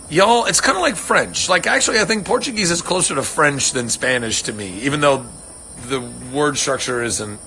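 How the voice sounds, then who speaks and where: A man hosts a casual livestream from his ranch home, wandering from thought to thought in an earnest, unfiltered way. His voice sounds bright and forward, and he swears freely. Faint crickets chirp in the background. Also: fairly high pitch, a little hiss or hum. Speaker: livestream host answering fans.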